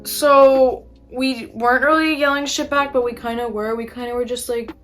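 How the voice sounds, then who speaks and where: A woman's voice: fairly high pitch, level tone, fairly quick, fairly bright tone, soft background music. A young woman chatting casually while doing her makeup, telling an exasperated story with casual swearing. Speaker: beauty vlogger.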